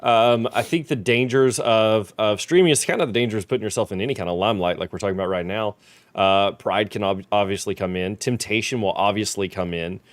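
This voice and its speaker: Man, low-ish voice, measured, dry sound. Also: no room sound. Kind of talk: casual panel discussion.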